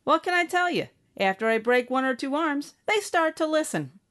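A woman's voice: high voice, expressive, moderate pace, a bit bright. A woman voicing a brash, snappish spacefaring bosun. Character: tough, blunt young woman ship's bosun. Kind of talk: audiobook character acting.

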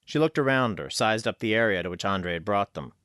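A man narrating an audiobook in an expressive storytelling manner. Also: on the low side, brisk, no echo, clean studio sound.

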